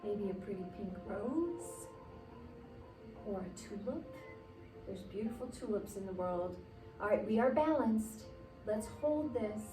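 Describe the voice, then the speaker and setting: Slow, gentle woman leading kids' yoga. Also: medium pitch, lively intonation, far from the mic. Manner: gentle, encouraging, playful with animal sounds. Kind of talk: guided children's yoga class. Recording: roomy sound from away from the mic with soft music.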